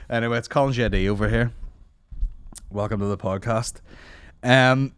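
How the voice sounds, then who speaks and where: Sweary podcast host. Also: male voice, medium pitch, a little fast, pauses often, clear, resonant tone, dry recording, clean studio sound. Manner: sweary, rambling, mocking. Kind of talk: casual comedic storytelling.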